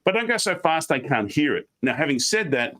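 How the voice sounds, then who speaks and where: Australian man, fast, animated, video call, fairly high voice. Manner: fast, animated, puts on quick mock voices. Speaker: guest speaker. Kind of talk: energetic online presentation tips.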